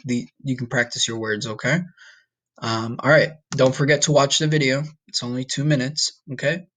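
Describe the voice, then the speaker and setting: In this recorded online Spanish lesson, a man with a mid-range, slightly bright voice teaches casually. He stretches Spanish words out slowly as models and often asks "okay?" or "all right?"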